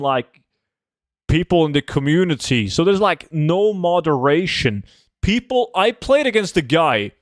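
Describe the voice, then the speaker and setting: A man's voice: a little high, dry recording, clean studio sound. A young man streaming a game, chatting casually with viewers and reading their chat messages in a loose, profane, rambling way.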